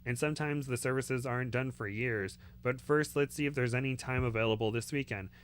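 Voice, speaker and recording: A man's voice: medium pitch, fairly quick, clear, resonant tone, lightly acted. A man voicing Carl, a grown male wizard with a Brooklyn accent who talks dry and offhand. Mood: brisk. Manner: dry, offhand and matter-of-fact.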